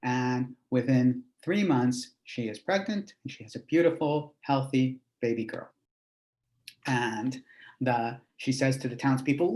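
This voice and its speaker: A man's voice: medium pitch, a little slow, a little mellow. A man, a rabbi, telling a teaching story in a conversational way with fillers and asides. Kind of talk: storytelling lesson.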